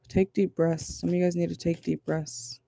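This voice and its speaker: A man gives a casual tarot reading from a parked car, chatty, loose and reassuring, with many fillers and lines tagged with "okay?". His voice is a little high and creaky, with noisy background.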